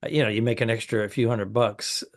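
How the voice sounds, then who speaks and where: A man co-hosting a comedy podcast, trading stories and quick jokes in casual talk. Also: lowish voice, flat delivery. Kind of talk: casual banter.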